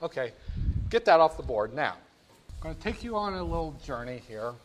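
A male lecturer giving a classroom lecture in a lively, jokey way, speaking straight to his students. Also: on the high side, normal speed.

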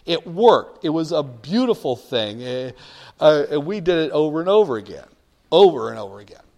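An older man with a fairly high voice tells stories to an audience. His delivery is animated and emphatic, with a wry edge, and he sometimes gets the crowd to repeat words back to him. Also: normal speed, gravelly. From northern United States. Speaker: speaker addressing an audience. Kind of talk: storytelling talk.

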